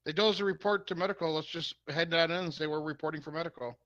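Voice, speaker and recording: Brisk, decisive man playing a tabletop game. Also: fairly high pitch, fairly even intonation, a bit bright, dull audio. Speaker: player. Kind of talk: casual tabletop game play.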